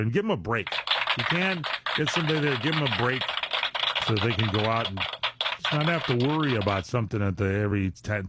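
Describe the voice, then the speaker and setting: A male radio host talks into a studio mic in a loose, joking way and wanders off on tangents. The sound is dry and close, with no room echo. His pitch sits at an ordinary middle level. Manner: jokey, rambling, drifts into digressions. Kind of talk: casual live radio chat. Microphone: studio microphone.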